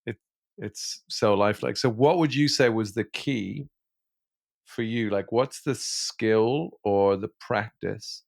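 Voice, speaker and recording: A male interview host with a low, gravelly voice asks his questions haltingly and often restarts mid-sentence. His delivery is casual and conversational.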